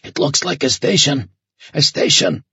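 A gruff, steady survivor of the tunnels who talks bluntly and matter-of-factly, as a narrator puts him on. The voice sits a little higher than the narrator's own. The read is dry and a bit muffled. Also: male voice, measured pace, no echo, exaggerated voice. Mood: hushed. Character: gruff, steady man calming his frightened companion.

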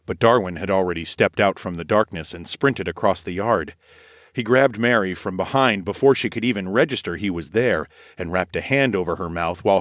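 Deep-voiced male audiobook narrator. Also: fairly bright tone, no room sound, studio quality. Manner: measured storytelling. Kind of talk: first-person audiobook narration.

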